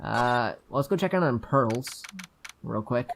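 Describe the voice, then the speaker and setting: A woman's voice: very deep voice, lively intonation, measured pace, gravelly, noisy background. A woman voicing her own dry, offhand asides while playing through a story game. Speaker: gaming youtuber. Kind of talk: let's play commentary.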